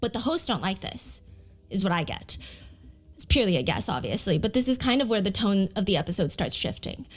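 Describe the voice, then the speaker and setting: A woman's voice: mid-range voice, sing-song, fairly quick. A woman narrating a story video in an explanatory tone, with commentary woven in. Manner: explanatory, acts out quotes.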